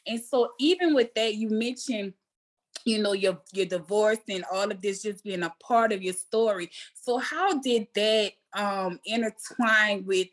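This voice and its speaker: Effusive host woman with a New Orleans accent. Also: medium pitch. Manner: effusive, enthusiastic, calls guest girl and baby. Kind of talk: casual interview chat.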